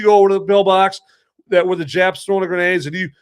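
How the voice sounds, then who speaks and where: A male podcast host talks in a loose, casual monologue, pitched a bit high for a man. He rambles and jokes his way through animated stories. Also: quick pace, smooth. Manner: rambling, joking, animated storytelling. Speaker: podcast host and movie reviewer.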